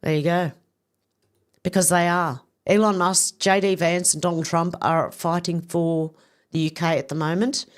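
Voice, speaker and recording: A woman's voice: on the low side, steady tone, normal speed. Chatty woman commentator. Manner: chatty, opinionated, rambling asides. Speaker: video commentator. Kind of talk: casual commentary reading out social posts.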